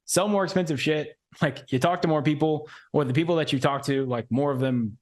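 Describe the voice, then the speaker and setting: A man's voice: a little high, brisk. Man, twenties, podcast guest, casual storytelling, slangy, filler-heavy. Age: 20s. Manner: loose, slangy, lots of "like" and "bro".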